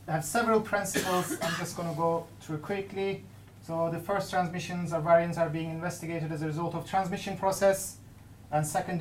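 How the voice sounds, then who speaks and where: A woman giving a conference paper presentation, speaking haltingly with many restarts and fillers. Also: lowish voice, a little hiss or hum. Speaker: academic presenter.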